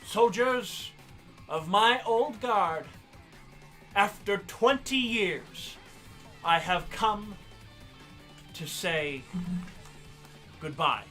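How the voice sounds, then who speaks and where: A man voicing an aging male emperor bidding his troops farewell, speaking slowly and theatrically. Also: sits high, lively intonation, bright, forceful tone, full character voice. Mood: solemn farewell. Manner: slow, solemn, theatrical speech. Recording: music playing behind.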